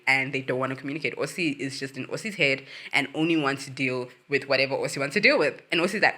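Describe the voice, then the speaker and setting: A woman's voice: low voice, a little fast. A woman hosting her own channel, chatting casually through a reality-show recap, acting out cast members' lines and laughing often. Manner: animated, acts out quotes from the cast. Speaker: host.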